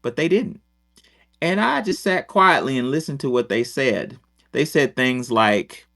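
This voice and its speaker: This is a middle-aged man telling a long story in casual chat. He swears often and wanders off into asides while his voice sits at an ordinary middle pitch. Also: unhurried, vocal fry. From Rochester, New York. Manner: profane, digressive, animated. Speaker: podcast host, former teacher.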